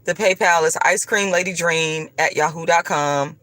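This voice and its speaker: A woman's voice: deep voice, moderate pace, fairly bright tone, dry recording. A woman vlogger delivering a profane, combative, preachy rant straight to her viewers. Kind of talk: ranting monologue to camera.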